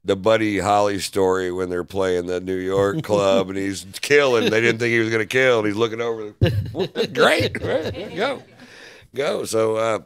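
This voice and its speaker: A man's voice: fairly low pitch, steady tone, moderate pace, few pauses, smooth, dry recording. A man, a comedian, telling a loose, profane story in a casual interview. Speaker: comedian guest. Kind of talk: storytelling anecdote.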